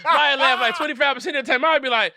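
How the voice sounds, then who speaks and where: A man hosting a podcast as a comedian, talking casually and acting out bits in loud, animated voices. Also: very high-pitched, quick pace, noisy background.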